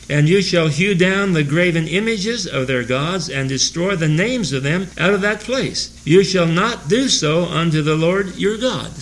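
An older man teaching through a Bible passage verse by verse, chuckling often, mixing homespun asides with slow scripture reading. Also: high voice, fairly bright tone, a little hiss or hum, poor audio.

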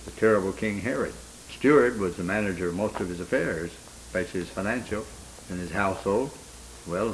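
Low-voiced man teaching a Bible study. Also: slight background noise, low-quality recording. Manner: rambling, unhurried, with frequent restarts and fillers.

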